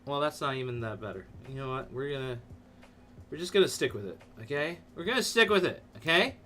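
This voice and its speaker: Excitable man hosting a livestream. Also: mid-range voice, a little fast, slight background noise. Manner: playful, excitable, jokey with sudden loud outbursts. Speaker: livestream host. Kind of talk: casual livestream chat. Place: seated at a computer in a dim room.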